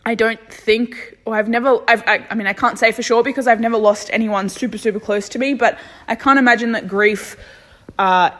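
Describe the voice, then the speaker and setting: A woman's voice: on the high side, fairly even intonation, brisk, fairly bright tone. A young woman talking candidly in a reflective personal vlog, thinking aloud and swearing freely. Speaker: vlogger.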